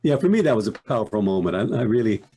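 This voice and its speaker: An older man, a voice actor, chatting as an interview guest in a reflective, unhurried way that often breaks off and restarts. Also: on the low side, sing-song, mellow, husky. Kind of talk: casual interview chat.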